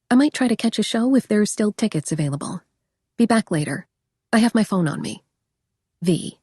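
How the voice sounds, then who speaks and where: A woman's voice: on the high side, mellow, husky, dry recording, studio quality. A young woman reading a first-person audiobook in a wry, conversational way. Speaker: audiobook narrator.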